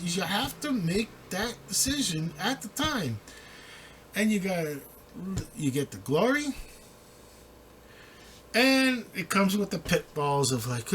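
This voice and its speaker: A man breaks down a football game in loose, rambling talk, his pitch leaping high and dropping low as he goes. He restarts his sentences constantly and laughs along the way. A faint hum of room ambience sits behind him. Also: very animated, unhurried, fairly bright tone. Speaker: football commentator. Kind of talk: casual sports commentary.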